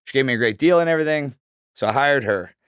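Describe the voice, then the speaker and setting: A man's voice: mid-range voice, fast, fairly bright tone, clean tone, no echo, studio quality. A man from Canada in his thirties, talking casually as a guest, swearing often and filling his speech with likes and ums. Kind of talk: casual storytelling interview.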